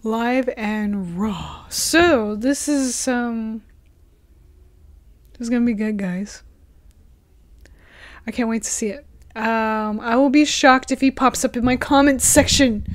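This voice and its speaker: A woman hosting her own reaction video, chatting casually and playfully with viewers and sometimes dropping into a soft whisper. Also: a little high, takes it slowly, pauses often. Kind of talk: casual reaction vlog chat.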